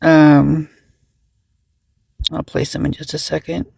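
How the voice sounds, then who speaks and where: A woman's voice: deep voice, completely flat delivery, slow pace, gravelly, a little mellow, husky, no room sound, clean studio sound. A woman hosting a casual reaction commentary, talking in an indignant, agitated way with many restarts and trailing fillers. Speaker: true-crime commentary channel host.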